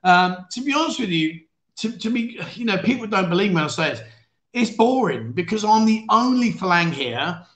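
A man's voice: sits high, big pitch swings, moderate pace, fairly bright tone, echoey room. A man from London with a faded London accent, hosting a casual livestream chat show, reading viewer comments and joking about himself. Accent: London English, faded. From England. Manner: chatty, self-deprecating, laughs often, mock-outraged bursts. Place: living in Thailand.

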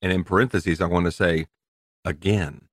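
A man with a Southern US accent, co-hosting a podcast with a low, deep voice. He talks in a playful, teasing way. The recording is dry and close. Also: fairly even intonation, moderate pace, no room sound. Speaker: podcast co-host. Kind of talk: casual podcast chat.

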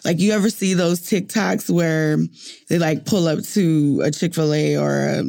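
A young woman from New Orleans hosting a casual podcast chat, animated and quick to repeat herself when she gets excited. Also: low-pitched, vocal fry. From New Orleans, USA. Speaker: podcast host.

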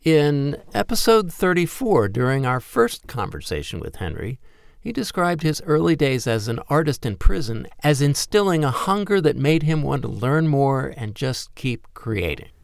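Lively gravelly host reading an intro. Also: male voice, medium pitch, normal speed, dry recording, studio quality. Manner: smooth, read-aloud intro over music. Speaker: podcast host. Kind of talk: scripted narration.

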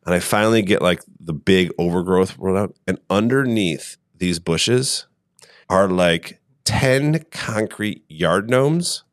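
A man's voice: deep voice, animated, takes it slowly, no room sound, clean studio sound. A man hosting a podcast, telling rambling anecdotes in casual chat, full of fillers. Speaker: podcast host.

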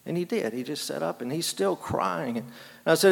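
A man preaching a sermon, halting and repeating words, moving between quiet and emphatic phrases. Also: on the high side, expressive, creaky. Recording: long hall reverb.

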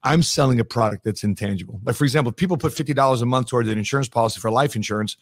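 A man in his forties, a guest in an interview, telling stories in a lively way and acting out the dialogue. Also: mid-range voice, rapid-fire, dry recording, studio quality. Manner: animated storyteller who acts out quoted dialogue. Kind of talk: conversational interview storytelling.

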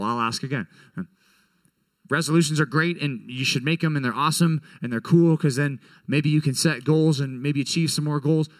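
Casual animated male preacher. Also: mid-range voice, no echo. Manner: conversational, animated, frequent "right?" check-ins. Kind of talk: sermon to young people.

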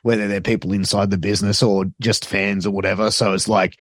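A man's voice: on the low side, level tone, fairly quick, dry recording, studio quality. An Australian man, a podcaster and wrestling announcer, chatting casually as a guest, swearing freely and filling his talk with asides. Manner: profane, loose, full of fillers.

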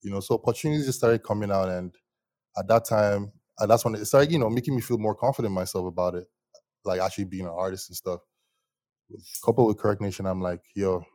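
A young man telling stories about his music start in a casual interview, animated and slangy, laughing often. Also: on the low side, fast talker, dry recording. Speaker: musician guest.

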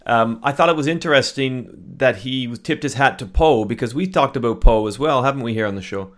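A man co-hosts a podcast in casual chat. He speaks in a thoughtful, measured way, his voice at an ordinary middle pitch. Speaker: podcast co-host.

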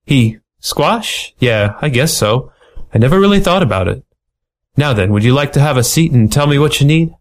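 A man voicing a small, sardonic male ferret private eye with a hardboiled, fast-talking manner. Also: medium pitch, lively intonation, voice pushed up, lightly acted. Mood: wry.

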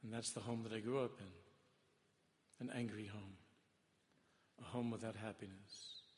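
A man giving a Torah lecture as a rabbi, impassioned and shifting from loud emphasis to hushed tones, mixing Hebrew and Yiddish terms into English. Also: fairly low pitch, fairly even intonation, a little slow. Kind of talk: sermon-style Torah lecture. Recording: long hall reverb.

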